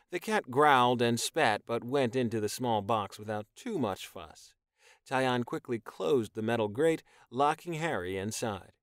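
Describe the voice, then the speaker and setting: A male narrator reads a novel with a lively, expressive rise and fall. His mid-range voice sits close to the mic in a dry recording. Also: medium pitch, no room sound. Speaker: audiobook narrator. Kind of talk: scripted narration.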